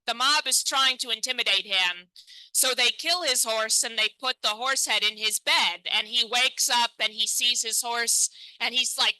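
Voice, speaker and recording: A woman in her thirties doing stand-up, with a high voice and a very bright, sharp tone. She is chatty and self-deprecating and keeps talking to the crowd. The sound is close and dry. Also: clear, resonant tone, no room sound, poor audio. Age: 30s. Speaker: stand-up comedian. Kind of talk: stand-up comedy set. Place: comedy stage.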